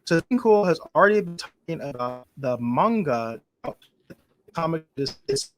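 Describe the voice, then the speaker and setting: A man hosting a casual podcast chat, animated and opinionated, with big swings in loudness. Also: on the high side, normal speed. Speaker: podcast host.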